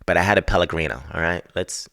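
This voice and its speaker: A man's voice: low-pitched, fast talker, a bit bright. A man hosting a podcast, telling a story in a casual, profane, exasperated rant. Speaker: podcast host.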